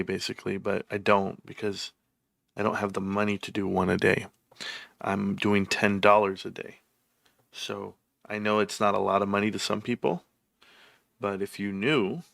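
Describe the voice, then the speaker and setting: A man's voice: fairly low pitch, creaky, fairly bright tone, dry recording, clean studio sound. A middle-aged man hosting a casual stock livestream, rambling and personal with lots of fillers. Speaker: stock show host.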